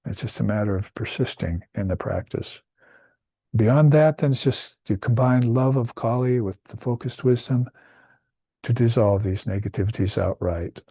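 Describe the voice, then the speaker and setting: A man's voice: mid-range voice, moderate pace, warm tone, slightly rough, no room sound. A man giving a spiritual talk as a teacher, explaining Sanskrit terms with fillers and restarts along the way.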